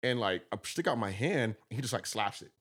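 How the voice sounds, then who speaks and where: Husky texas guy, rapid-fire stories, keeps doing everyone's lines. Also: lowish voice. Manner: animated, acts out quotes with laughter. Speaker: guest promoter. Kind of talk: casual storytelling.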